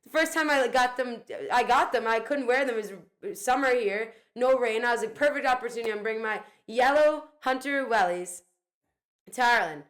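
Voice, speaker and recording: A woman's voice: on the high side, a little fast, fairly bright tone. A young woman co-hosting a podcast, telling rambling anecdotes full of "like" and quoted dialogue in casual chat. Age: young adult. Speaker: podcast co-host, daughter.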